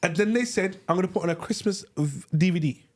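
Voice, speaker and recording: A man, a podcast co-host telling lively, laughing stories in casual slang. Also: high-pitched, fast talker. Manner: animated, laughing storyteller with slang. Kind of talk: casual storytelling with friends. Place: live podcast studio.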